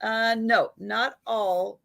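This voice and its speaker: A woman's voice: fairly high pitch, steady tone, drawn-out words, vocal fry, a bit bright. A woman guesting on a live chat, talking earnestly and laughing easily, often repeating herself. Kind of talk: casual chat.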